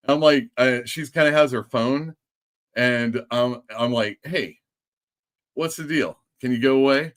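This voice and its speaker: Animated man telling a story on a stream. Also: mid-range voice, slow pace, long pauses. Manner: animated storyteller acting out quoted people. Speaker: host. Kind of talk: casual live-stream chat.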